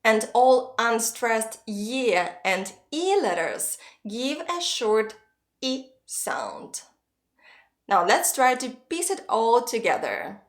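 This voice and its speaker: A woman teaching pronunciation, explaining each sound slowly and carefully. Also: fairly high pitch, big pitch swings. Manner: slow, careful, clearly spelling out sounds. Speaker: Russian language teacher. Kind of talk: pronunciation lesson.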